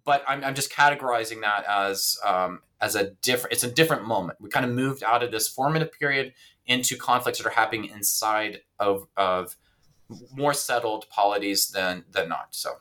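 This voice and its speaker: Bright-voiced man explaining his book. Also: lowish voice, normal speed. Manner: thoughtful, hesitant, many fillers and restarts. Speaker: author and historian, interview guest. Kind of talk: academic interview talk.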